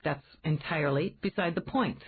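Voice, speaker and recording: A woman's voice: deep voice, normal speed, slight background noise. A woman voicing a wry, self-assured grown man who teases an old friend in a dry way. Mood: teasing. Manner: dry, teasing. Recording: tinny phone-like band.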